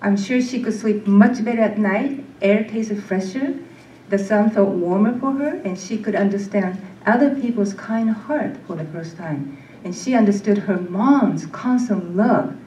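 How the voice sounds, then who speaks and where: A woman lecturer leads a workshop in an echoey temple hall, picked up by a mic some way off. There is a faint hiss underneath. She speaks at a middle pitch in an easy, conversational way and keeps turning questions back to her listeners. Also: measured pace, warm tone, distant mic. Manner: conversational, engaging the audience with questions. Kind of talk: casual lecture.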